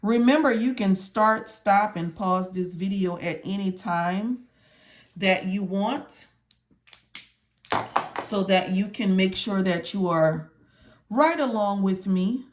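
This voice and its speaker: A woman's voice: medium pitch, takes it slowly. A woman teaching medical coding step by step, repeating key words and asking and answering her own questions. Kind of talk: step-by-step tutorial walkthrough.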